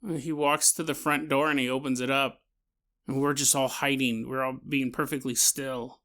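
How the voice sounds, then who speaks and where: A man hosts a podcast and tells a strange story casually. He jokes and slips into little acted scenes. His voice has a bright, forward tone. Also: mid-range voice, moderate pace. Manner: animated, joking, acts out scenes. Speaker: podcast host.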